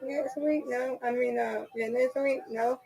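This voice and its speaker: A woman on a video call chatting casually and telling a story in a lively, colloquial way. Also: sits high, measured pace, gravelly, rough recording. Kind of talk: casual chat.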